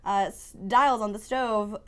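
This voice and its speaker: Slow, measured woman game master. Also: medium pitch, steady tone, smooth. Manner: halting, measured narration with fillers. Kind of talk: narrating a tabletop game.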